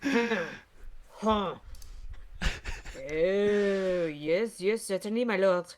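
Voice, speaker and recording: A woman's voice: mid-range voice, drawn-out words. A woman doing a flustered French noblewoman. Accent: put-on French. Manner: flustered, stumbling. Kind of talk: reading game dialogue aloud in character.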